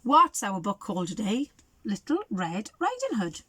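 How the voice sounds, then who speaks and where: Lively woman reading to kids. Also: mid-range voice, moderate pace, husky, no echo. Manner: animated, sing-song, talks to young viewers. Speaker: children's storyteller. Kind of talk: reading a picture book to children.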